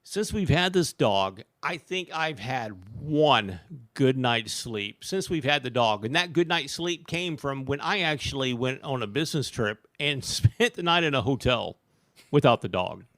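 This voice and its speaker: Man, podcast host, animated storyteller, very lively pitch, dry close sound. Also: a little slow, no echo. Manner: animated, swings into loud high-pitched quoted voices. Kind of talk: casual storytelling chat.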